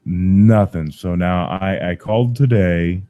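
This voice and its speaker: A man's voice: low voice, takes it slowly, no echo, dull audio. Swearing, exasperated man ranting. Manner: profane, exasperated. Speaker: parent. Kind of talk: angry rant to camera.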